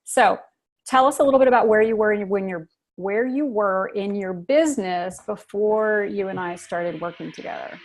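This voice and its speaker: A woman's voice: mid-range voice, normal speed. A woman hosting an interview, upbeat and chatty. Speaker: host, business coach.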